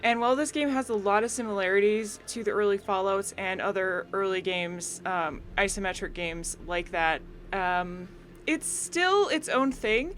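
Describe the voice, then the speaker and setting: A woman's voice: mid-range voice, normal speed, a bit bright. Chatty young woman playing a game. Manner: chatty, rambling, self-correcting, giggly. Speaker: gaming video host. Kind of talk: casual let's-play commentary.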